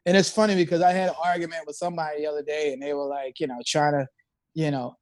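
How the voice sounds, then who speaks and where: A man chatting casually and at length, animated, full of fillers like "you know what I'm saying", often laughing. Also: fairly high pitch, fast talker. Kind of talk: casual chat.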